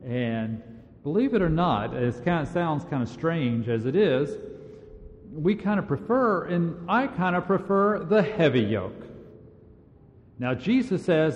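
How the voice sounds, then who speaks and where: A man's voice: on the high side, animated, measured pace, darkish tone. A man preaching a sermon as a pastor, in a conversational, emphatic way. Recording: dull sound in a large reverberant hall.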